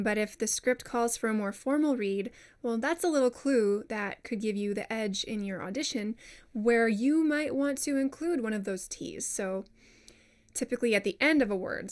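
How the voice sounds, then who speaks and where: Woman coaching voiceover, kinda high voice, chatty and jokey about herself, sounds out words to show how. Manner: chatty and self-deprecating, demonstrating words aloud. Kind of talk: casual instructional talk.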